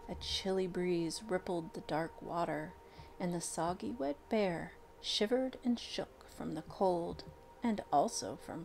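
A woman reading a picture book aloud, expressive and unhurried with dramatic pauses. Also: lowish voice, a little hiss or hum. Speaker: storyteller. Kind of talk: storybook read-aloud.

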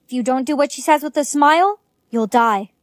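A synthetic text-to-speech woman's voice playing a teenage girl who chants the rules of a deadly game in a flat sing-song. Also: sits high, a little fast, no echo, studio quality, lightly acted. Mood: chanting.

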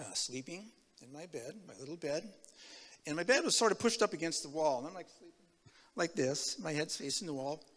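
A man from Tacoma, Washington, giving a sermon with his personal testimony, telling it in an animated way that swings from loud to hushed. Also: on the high side, big-room sound. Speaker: guest preacher. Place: church sanctuary.

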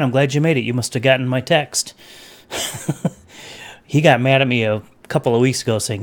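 A man's voice: mid-range voice, steady tone, normal speed, creaky. A man hosting a casual livestream over his webcam, rambling between topics and greeting chat viewers by name. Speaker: livestream host.

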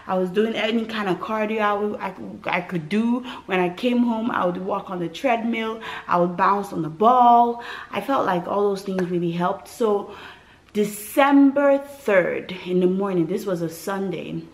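Animated woman telling her birth story. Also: mid-range voice, a little slow, poor audio. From West Africa. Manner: animated, dramatic retelling with acted quotes and asides to viewers. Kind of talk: casual storytelling to camera.

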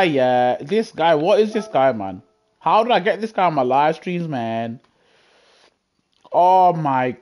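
A man chatting casually on a gaming live stream through a headset, effusive and excitable as he gushes at his viewers. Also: fairly high pitch, slow, soft background music. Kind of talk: casual live-stream chat while racing.

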